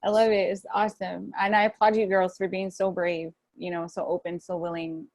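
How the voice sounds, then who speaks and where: Lowish woman on a video call, encouraging, lots of ums, dry sound. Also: level tone, moderate pace, no echo. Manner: encouraging, loose, many fillers. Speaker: guest speaker on mental health. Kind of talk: casual video call talk.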